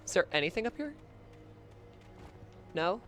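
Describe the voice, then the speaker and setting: A young man giving excitable live gameplay commentary, swearing a lot and making jokey asides. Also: sits high, a little slow, faint music behind. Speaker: streamer playing a horror game.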